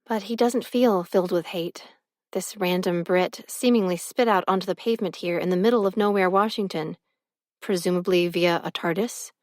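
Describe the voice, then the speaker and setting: Woman reading a first-person audiobook, expressive, close mic, dry studio sound. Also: on the low side, normal speed, dry recording. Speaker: audiobook narrator.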